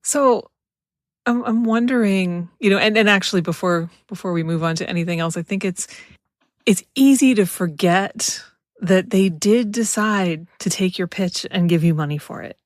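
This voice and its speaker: A woman's voice: mid-range voice, normal speed, dry recording, clean studio sound. A woman hosting a podcast, reflective and encouraging as she responds to her guest. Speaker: podcast host. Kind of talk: casual podcast conversation.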